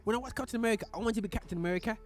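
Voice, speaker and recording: A man hosting a casual podcast chat, animated and quick to laugh, talking over his guest. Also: high voice, faint music behind. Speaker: host.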